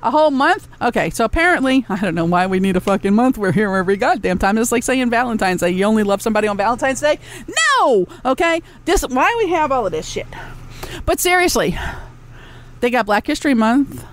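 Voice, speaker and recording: A woman's voice: on the high side, animated, brisk. A woman hosting a podcast, ranting bluntly and sarcastically with lots of swearing and asides to her chat room. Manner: talks back to a chat room. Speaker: podcast host. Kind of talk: ranting solo podcast talk.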